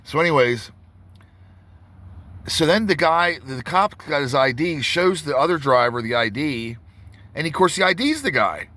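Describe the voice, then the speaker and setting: A man's voice: on the high side, lively intonation, moderate pace, pauses often, pushed and bright. Rambling man telling a story. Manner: rambling, frequent restarts and asides to viewers. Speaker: tattoo artist. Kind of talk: casual storytelling vlog.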